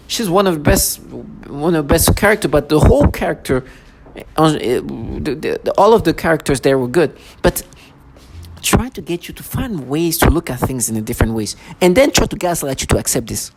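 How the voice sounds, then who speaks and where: A man's voice: fairly high pitch, noisy background. A man talking to camera in an agitated, rambling monologue, often repeating and restarting his phrases. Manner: agitated, repetitive, many restarts. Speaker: vlogger.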